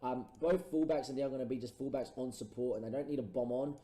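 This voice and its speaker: A man's voice: medium pitch, quick pace, roomy sound, low-quality recording. A man casually commentating his own football management game, thinking aloud through his tactics. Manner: thinks aloud, erupts into excited goal calls. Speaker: gaming streamer.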